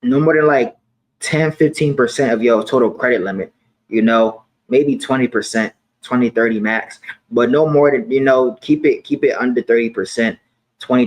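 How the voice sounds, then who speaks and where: A man in his twenties talking casually to camera about money, relaxed and slangy, often repeating his points. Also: mid-range voice, low-quality recording. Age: 20s. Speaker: personal finance vlogger.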